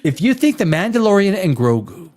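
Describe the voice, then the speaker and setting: A man hosting a live stream, ranting casually with profanity, jumping between loud outbursts and low mutters. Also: big pitch swings, fairly quick. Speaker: live show host.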